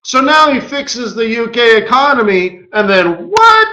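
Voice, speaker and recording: A man hosting a live trading webinar as market strategist, talking in an animated way and tossing in rhetorical questions. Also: very high-pitched, measured pace, few pauses, reverberant, muffled recording. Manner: animated, rhetorical, keeps asking "right?".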